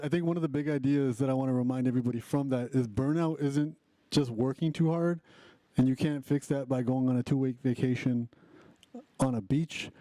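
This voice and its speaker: Male host of a live online talk. Very dark, mellow tone, dry close sound, upbeat and chatty. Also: medium pitch, no room sound. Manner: upbeat, chatty, with frequent restarts. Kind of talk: casual live hosting.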